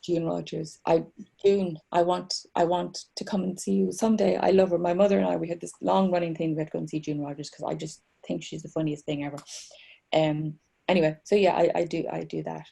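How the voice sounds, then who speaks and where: Middle-aged woman, lower pitch, mellow and slightly raspy, rambling chat guest on a video call. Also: level tone, quick pace. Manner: chatty, self-mocking, rambling with restarts. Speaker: author guest. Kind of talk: casual chat.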